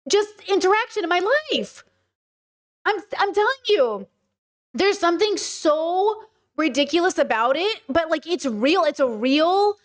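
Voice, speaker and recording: A woman hosting a casual livestream, talking to her chat in a blunt, animated way and swearing freely. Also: very high voice. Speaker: streamer host.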